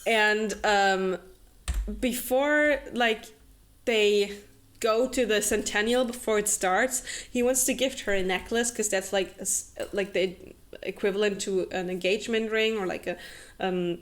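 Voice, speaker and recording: A young woman hosts a casual book club chat and recaps a fantasy novel with sarcastic asides. She talks animatedly and fills her pauses with fillers. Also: mid-range voice.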